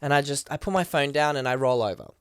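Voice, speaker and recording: A man, a podcast guest, telling a story with excitement, acting out the people he quotes, with many fillers. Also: mid-range voice, quick pace, clean tone, dry recording, studio quality. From Australia. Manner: acts out the voices of people he quotes. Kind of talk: animated storytelling.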